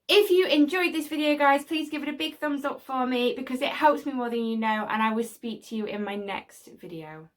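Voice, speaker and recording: A chatty young Englishwoman with a slightly high voice hosts her own opinion vlog. She talks straight to camera, opinionated and a little scolding, and keeps it loose and conversational. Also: bright, forceful tone. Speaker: video host.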